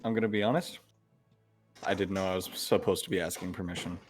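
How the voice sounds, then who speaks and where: A man's voice: sits low, fairly even intonation, fast talker, soft background music. A man playing in a tabletop role-playing game, jokey and offhand. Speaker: player. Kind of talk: casual in-character play.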